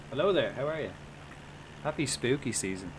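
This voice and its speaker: A man's voice: mid-range voice, animated, moderate pace, noisy background. Chatty man on a live stream. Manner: chatty, swearing, jokey asides. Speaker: livestreamer. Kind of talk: casual live-stream commentary.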